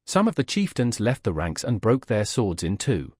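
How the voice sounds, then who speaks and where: A man reading a classic adventure novel aloud as an audiobook narrator, in a lively, expressive way. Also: fairly low pitch, normal speed, slightly rough, no echo, studio quality.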